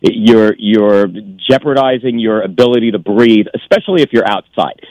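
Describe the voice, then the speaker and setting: A man's voice: lowish voice, moderate pace, darkish tone, dry recording, poor audio. Stammering indignant male caller, dry sound. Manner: stammering, indignant, restarts often. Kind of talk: call-in radio talk.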